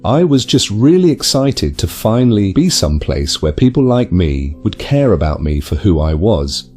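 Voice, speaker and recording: A man's voice: on the low side, very animated, moderate pace, warm tone, soft background music. A man voicing a lonely male trash goblin creature, telling his story in a bitter, confessional way. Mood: rueful. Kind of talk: dramatized video narration.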